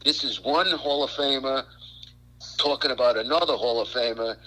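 An older man from Brooklyn, a guest on a radio talk show, telling animated stories and stumbling over repeated words. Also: medium pitch, moderate pace, slight background noise, low-quality recording. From Brooklyn, New York. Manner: animated storyteller, repeats words, acts out quotes. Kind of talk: casual radio chat.

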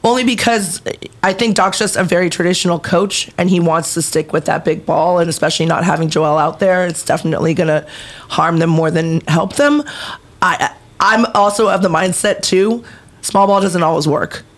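A man's voice: sits high, normal speed. A man co-hosting a sports podcast, talking hesitantly with many fillers. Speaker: podcast producer, co-host. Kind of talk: casual sports talk.

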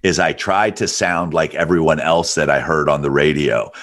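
A middle-aged man from Alabama with a rich, deep voice, telling stories as an interview guest. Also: moderate pace. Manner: relaxed storyteller with a deep radio-style voice. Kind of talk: storytelling interview.

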